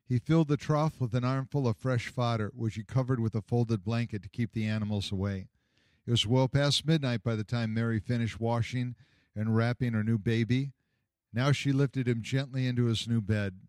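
A man's voice: mid-range voice, no room sound, clean studio sound. Male storyteller reading a Bible story. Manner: measured, expressive reading. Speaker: narrator. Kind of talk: storybook narration.

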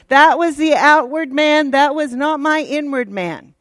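Woman Bible teacher, higher voice, unhurried, teasing but direct. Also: dry recording. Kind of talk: casual church teaching.

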